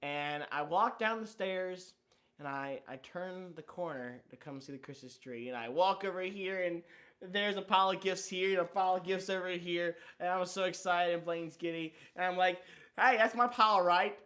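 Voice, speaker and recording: A man's voice: high-pitched, moderate pace, fairly bright tone. A man hosting a casual livestream chat, telling stories in a playful, joking way. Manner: playful, jokey storytelling. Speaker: livestream host.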